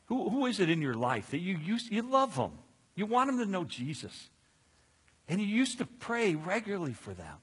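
A man's voice: high-pitched, normal speed, slightly rough. A middle-aged man preaching a sermon, telling stories and acting out the voices of people in them, with frequent restarts. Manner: animated, acts out quoted voices, restarts often. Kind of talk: sermon storytelling.

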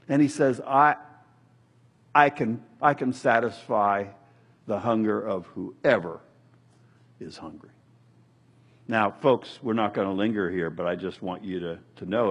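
A middle-aged man preaching a sermon in a conversational, animated way, joking and acting out quotes. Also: fairly low pitch, breathy edge. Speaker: pastor.

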